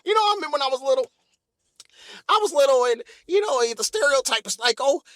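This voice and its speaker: Very high-voiced animated comedy host. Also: male voice, fast, dry recording, clean studio sound. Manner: animated, repetitive, laughs often. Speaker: podcast host. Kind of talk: improvised comedy monologue.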